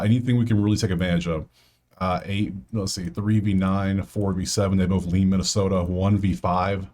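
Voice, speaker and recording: A man hosting a sports betting channel, casually breaking down games and picks while thinking out loud in slangy talk straight to his viewers. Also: fairly low pitch.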